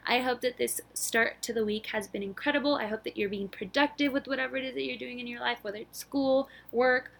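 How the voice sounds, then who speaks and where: A young woman in her twenties chats alone into her podcast mic, bubbly and a little out of breath. She rushes through her thoughts with plenty of filler words. Her voice sits a touch high. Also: steady tone, gravelly, fairly bright tone. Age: 20s. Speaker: podcast host. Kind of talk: casual solo podcast chat.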